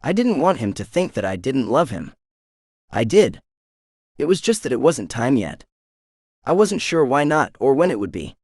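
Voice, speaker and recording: Male audiobook narrator, mid pitch, animated melody, very dry close studio sound. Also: normal speed, long pauses, dry recording. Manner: expressive, lively reading. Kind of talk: first-person romance audiobook narration.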